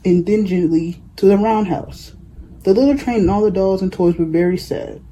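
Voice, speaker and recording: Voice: mid-range voice, normal speed, warm tone, a little hiss or hum, low-quality recording. A reader narrating a children's picture book aloud in a plain storybook manner.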